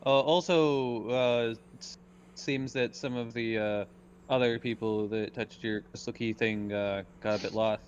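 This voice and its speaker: A man's voice: medium pitch, steady tone, unhurried. A man playing in a tabletop game, chatting in a hesitant, easygoing way. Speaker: player. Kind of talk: casual tabletop game chat. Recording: dull lo-fi mic with faint noise.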